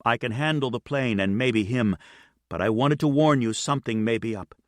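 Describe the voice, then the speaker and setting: A man voicing a patient, steady female airline captain who speaks quietly and kindly. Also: mid-range voice, moderate pace, no room sound, studio quality, close to an everyday voice. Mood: calm.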